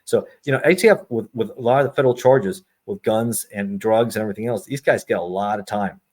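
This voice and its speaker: A middle-aged man with a fairly low voice rattles through his stories at a quick clip. He is a retired agent speaking as a podcast guest, and he slips into the voices of the people he quotes. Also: a little mellow. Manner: brisk storyteller who acts out quoted dialogue. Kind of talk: storytelling in a podcast interview.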